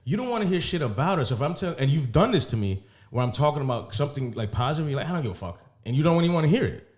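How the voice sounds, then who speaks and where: A man's voice: a little high, big pitch swings, rapid-fire, a little mellow. A man co-hosting a casual podcast, talking candidly and profanely about his relationship. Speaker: podcast co-host. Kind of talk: casual chat.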